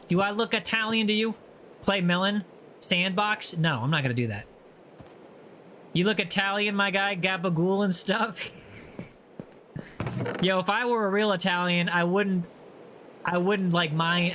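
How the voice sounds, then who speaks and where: A man hosting a relaxed gaming livestream, chatting casually and teasing viewers as he reads their messages aloud. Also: high voice, a little hiss or hum. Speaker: livestream host. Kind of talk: casual chat while gaming.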